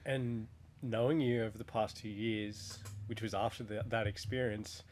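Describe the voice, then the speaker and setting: A man hosting a podcast, affirming his guest in a warm, casual chat. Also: lowish voice, fairly even intonation, normal speed, slight background noise. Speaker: podcast host.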